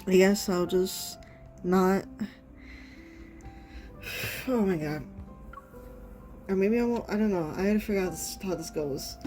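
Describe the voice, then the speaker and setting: A woman's voice: medium pitch, unhurried, long pauses, dark tone, soft background music. A woman streamer reacting to a game, reading its lines aloud and gushing, often exclaiming and trailing off mid-sentence.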